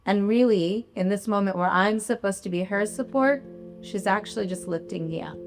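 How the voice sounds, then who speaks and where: A woman doctor tells a personal story on stage, confessional and emotional. Her pitch sits in the middle range. Her phrasing is vivid and heartfelt. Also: normal speed, faint music behind. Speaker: physician telling a live story. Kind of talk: live storytelling performance.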